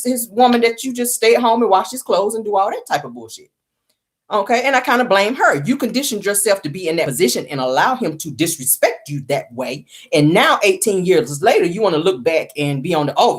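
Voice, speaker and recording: A woman's voice: medium pitch, sing-song, fairly quick. Sassy woman dishing celebrity gossip. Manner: sassy, opinionated, calls viewers honey. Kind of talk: casual celebrity gossip commentary.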